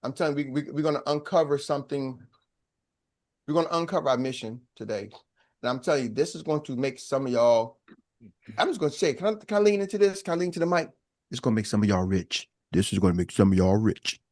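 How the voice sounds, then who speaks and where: Whooping, high-energy male sales coach. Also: fast. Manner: energetic, whooping, loose and joking. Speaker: sales coach hosting a morning call. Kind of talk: casual hype talk on a live video call. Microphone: real microphone on a video call.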